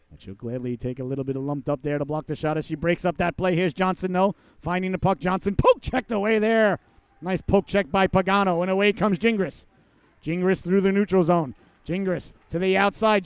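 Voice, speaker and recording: Man, hockey play-by-play, high voice, smooth and resonant, folksy banter, loud calls on goals. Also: dry recording. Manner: folksy and joking, erupts into shouts on goals. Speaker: play-by-play commentator. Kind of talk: youth hockey play-by-play commentary.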